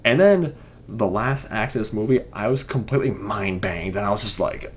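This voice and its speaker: A man's voice: medium pitch, big pitch swings, brisk, husky. A young man giving a casual film review, rambling and enthusiastic, with many fillers and restarts. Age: young adult. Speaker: movie reviewer.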